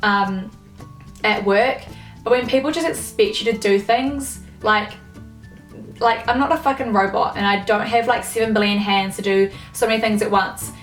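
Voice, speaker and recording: Young woman, exasperated swearing vlog rant, mid pitch, echoey room, mic set back. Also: fairly even intonation, normal speed, recorded from a distance, faint music behind. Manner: swears a lot, filler-heavy, exasperated. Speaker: vlogger. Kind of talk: casual ranting monologue.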